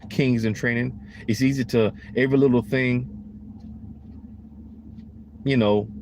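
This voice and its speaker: A man's voice: mid-range voice, fairly even intonation, unhurried, a little mellow, slight background noise. A man giving a casual preaching monologue in a rambling, emphatic, slangy way, full of "you know" and "man.".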